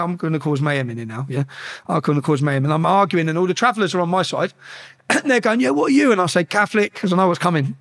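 A man telling a story as a podcast guest, animated and profane, acting out the shouted exchanges. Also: high voice.

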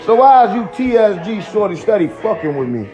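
A man's voice: sits high, very animated, brisk, mellow, faint music behind. A man with a Chicago accent ranting aggressively on a street vlog, taunting and threatening. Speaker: vlogger. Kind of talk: angry street vlog rant.

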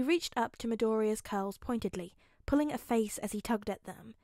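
A woman narrating a fanfic audiobook in a calm, even storytelling manner. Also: a little high, moderate pace, hardly any pauses, no echo, clean studio sound.

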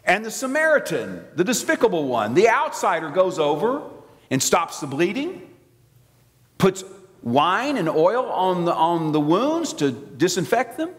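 A man with a Southern American accent from Alabama, preaching a sermon as an animated, theatrical storyteller. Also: high voice, measured pace. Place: large church sanctuary. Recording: long church reverb.

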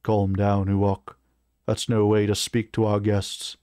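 A man voicing a proud, weary male orc chieftain who speaks slowly and firmly in a fantasy reading. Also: on the low side, completely flat delivery, dark tone, smooth, dry recording, clean studio sound. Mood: composed.

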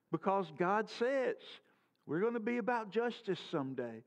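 A male pastor with a high-pitched voice delivers a sermon, posing earnest rhetorical questions as his voice rises and then sinks low. He is expressive and unhurried. The recording sounds dull and lo-fi.

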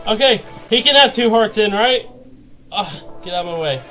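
A man giving jokey let's play commentary, excitable and yelping and laughing as things go wrong. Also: high-pitched, moderate pace, faint music behind, low-quality recording. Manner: excitable, yelps and laughs at mishaps. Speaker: gaming video creator.

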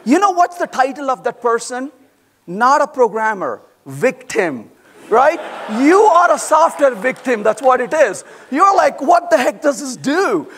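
Man, high voice, very lively pitch, conference talk, animated, acts out quotes. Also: unhurried. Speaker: conference speaker. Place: large conference hall.

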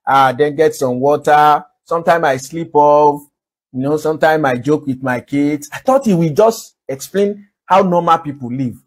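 A man's voice: fairly high pitch, moderate pace. A man preaching a sermon, earnestly asking rhetorical questions and repeating phrases for emphasis. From Nigeria. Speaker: pastor.

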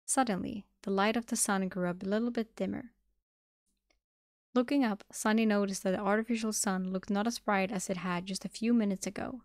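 A woman streamer reading a novel aloud on a live stream, steady with small restarts. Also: mid-range voice, brisk, no room sound, clean studio sound.

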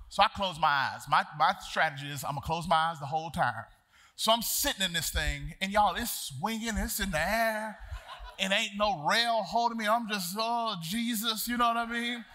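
Man, pastor, storytelling sermon, high voice, bright tone, animated. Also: normal speed. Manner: animated, shouts and laughs while acting out the story; casual colloquial address to the congregation.

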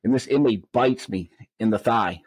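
A man in an interview telling stories from his work as a correctional officer, casual and animated, acting out what people said. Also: fairly low pitch, moderate pace, breathy edge, dry recording, low-quality recording. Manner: animated, acts out quoted dialogue in raised voices. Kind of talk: conversational storytelling.

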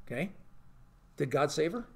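A man's voice: on the high side, normal speed, gravelly. A man, a pastor, teaching an informal Bible study to a live group, often asking rhetorical questions. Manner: animated, peppers talk with rhetorical questions and "okay?".

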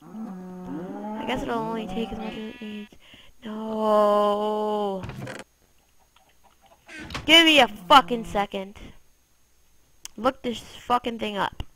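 Woman gamer cursing nonstop at her game, slow drawl, bright sharp voice. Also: medium pitch, slight background noise, rough recording. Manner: foul-mouthed, easily frustrated, yells at game animals. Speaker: gameplay commentator. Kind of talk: casual let's-play commentary.

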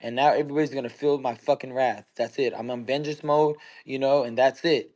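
A man's voice: mid-range voice, fairly even intonation, a little fast, darkish tone. A young man in his twenties, a boxer talking bluntly and heatedly in casual chat, swearing constantly. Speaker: boxer guest.

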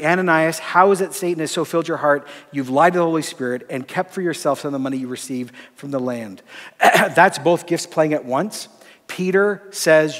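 Pastor teaching in a reverberant hall. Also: male voice, on the high side. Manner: conversational, acts out dialogue, drops to soft tones. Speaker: pastor and lecturer. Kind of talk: sermon-style teaching with stories.

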